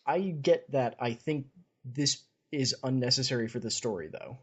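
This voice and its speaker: Slightly husky man recapping a story. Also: medium pitch, normal speed. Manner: retells the story chattily, with wry asides. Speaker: podcast co-host.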